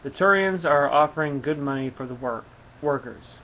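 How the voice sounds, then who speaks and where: A man's voice: on the high side, moderate pace, a little hiss or hum, natural voice. A man voicing a callous, dismissive middle-aged hospital director as he reads his lines aloud. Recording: slightly muffled.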